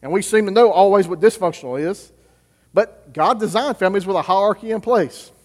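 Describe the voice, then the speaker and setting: A man's voice: high voice, a little fast. A man, a youth pastor, preaching a sermon and asking the congregation questions he then answers himself. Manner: asks the audience rhetorical questions and answers them. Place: church with reverberant hall. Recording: long reverb of a church hall.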